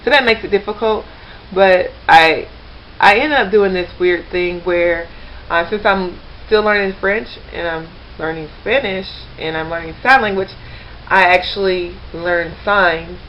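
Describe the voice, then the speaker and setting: A woman's voice: fairly low pitch, a little slow, slight background noise. A woman chatting casually to camera in a rambling way, with plenty of fillers and restarts. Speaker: language learner vlogger. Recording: slightly dull lo-fi webcam recording.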